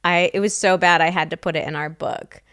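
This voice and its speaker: A woman sex therapist co-hosting a podcast, frank and animated, with a smooth, clear voice. She laughs easily and explains things in a relaxed, candid way. The sound is dry and close on a studio mic. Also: lowish voice, fairly quick, no room sound. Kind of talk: casual podcast chat and advice.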